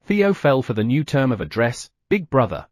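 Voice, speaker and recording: A man narrating an audiobook, telling the story with lively sound effects. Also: mid-range voice, normal speed, no room sound, studio quality.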